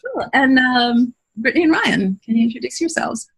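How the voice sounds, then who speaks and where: A woman's voice: on the high side, expressive, normal speed, a bit bright, breathy edge, low-quality recording. An American woman hosting a casual webinar Q&A as a voiceover coach, chatty and laughing easily as she tells stories. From United States.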